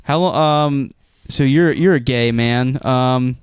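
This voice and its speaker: A man cohosting a comedy podcast, teasing his guests in a dry, deadpan way. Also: medium pitch, takes it slowly, smooth, no room sound. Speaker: podcast co-host. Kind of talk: casual comedy chat.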